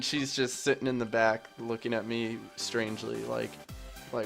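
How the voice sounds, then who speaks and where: A man's voice: mid-range voice, level tone, fairly quick, gravelly, fairly bright tone, soft background music. A young man recording chatty Let's Play commentary as a gaming YouTuber, rambling and self-mocking as he jokes with his viewers.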